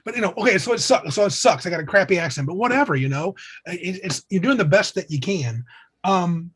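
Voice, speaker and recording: A man co-hosting a casual tabletop gaming podcast, reading passages aloud and chiming in with quick agreement. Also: sits high, expressive, fairly bright tone, husky. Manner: reads quotes aloud, agreeable, quick interjections. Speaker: podcast co-host.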